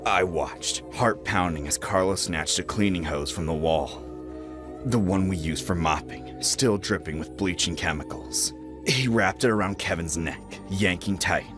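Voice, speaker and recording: A man narrating a scripted horror story with dramatic, expressive storytelling. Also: sits low, a little slow, music in the background.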